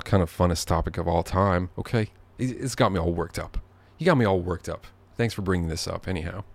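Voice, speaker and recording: A man hosting a podcast from his living room, rambling through a sardonic, profane comedic monologue. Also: sits low. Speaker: podcast host.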